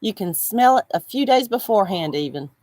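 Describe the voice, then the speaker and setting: A woman's voice: medium pitch, lively intonation, brisk, darkish tone, dry recording. Chatty woman on a livestream. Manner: chatty, reads comments aloud, laughs often. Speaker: livestream host, crocheter. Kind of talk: casual livestream chat. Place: outdoors in the shade.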